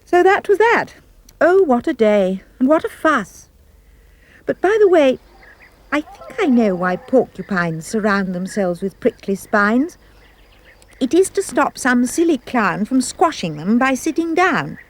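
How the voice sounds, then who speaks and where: A woman giving a playful, expressive reading of comic rhyming verse. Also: unhurried. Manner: animated, playful storytelling with big pitch leaps. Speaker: storyteller.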